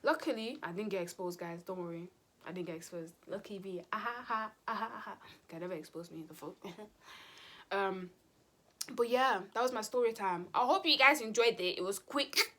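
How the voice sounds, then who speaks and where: A young woman telling a casual storytime vlog, slangy and animated. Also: mid-range voice, normal speed. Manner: slangy and animated, acting out quotes. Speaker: vlogger.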